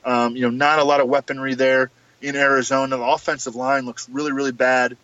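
A man giving fantasy football analysis on a podcast, measured and full of filler words. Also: mid-range voice, level tone, a bit bright, no room sound, lo-fi sound.

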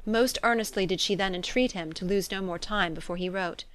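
A woman narrating a classic novel in a measured, even storytelling voice. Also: medium pitch. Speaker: audiobook narrator.

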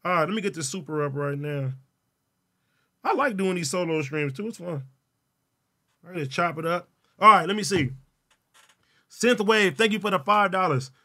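Bright-voiced, profane livestream host. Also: male voice, high-pitched, lively intonation, normal speed, pauses often. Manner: loud, profane, laughs often. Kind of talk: casual solo livestream chat.

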